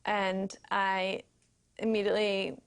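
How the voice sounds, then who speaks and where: A young woman in a documentary interview, recalling events in a soft, measured way. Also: medium pitch, monotone, clean tone, dry recording. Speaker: interviewee, friend.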